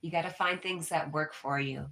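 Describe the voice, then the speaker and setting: A woman with a notably low voice hosts a casual livestream, reading viewers' comments aloud. She is easygoing and gently reassuring, and she chuckles often. She is from New York. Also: steady tone, moderate pace, soft background music. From New York, USA. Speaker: livestream host.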